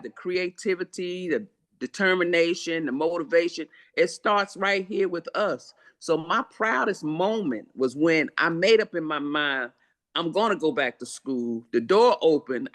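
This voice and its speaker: A woman's voice: sits low, a bit bright. Older woman, earnest and preacherly. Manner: earnest, repetitive, preacherly cadence. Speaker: memoir author guest. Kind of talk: heartfelt interview answers.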